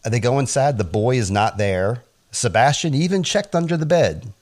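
A man co-hosting a podcast, casually recapping a TV episode in a chatty, animated way with asides. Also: medium pitch, normal speed. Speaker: podcast co-host.

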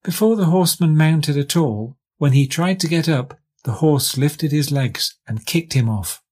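A man from England reading a fairy tale aloud as scripted narration, with measured storytelling. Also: fairly high pitch, a little mellow. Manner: measured storytelling, lightly voicing characters. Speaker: audiobook reader.

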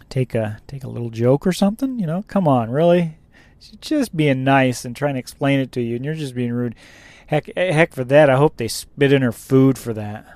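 A man's voice: medium pitch, a little mellow, dry recording. A man who drives a truck, chatting casually and rambling about his day on the road. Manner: rambling, laughs at own story. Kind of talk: casual chat.

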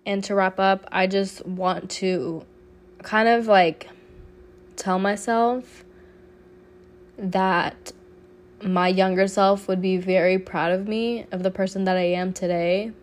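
A woman's voice: mid-range voice, fairly even intonation, takes it slowly, long pauses. A woman in her late twenties hosting a solo podcast, sick with a cough, talking casually and heartfelt, peppered with swearing and "like". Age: 20s. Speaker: podcast host.

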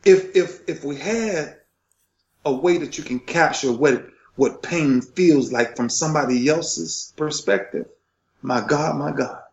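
A middle-aged man telling an emotional story with passion, often repeating himself and swinging between loud and soft. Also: on the high side, measured pace, vocal fry, echoey room, muffled recording. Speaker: retired football player telling his story.

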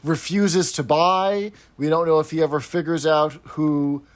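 Man podcast co-host, slightly high voice. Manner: brisk, dry, quick interjections and corrections. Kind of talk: casual chat.

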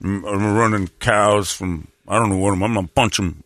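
A man doing an impression of a slow-witted tough-guy action star with a New York Philly accent, mumbling and repeating "you know". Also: lowish voice, fairly bright tone, no echo, close to an everyday voice. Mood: rambling.

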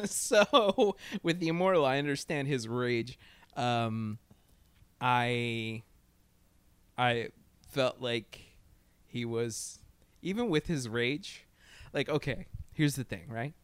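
A man chatting casually and profanely about a TV show, animated and laughing, often mock-defiant. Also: medium pitch, slow, long pauses, clean tone, no echo.

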